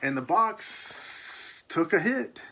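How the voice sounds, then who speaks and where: A man with a somewhat high-pitched voice talks in a relaxed, homespun way as he hosts his book unboxing channel. He rambles through personal stories before opening the box. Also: drawn-out words, slight background noise. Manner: folksy, rambling storyteller. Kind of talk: casual unboxing chat.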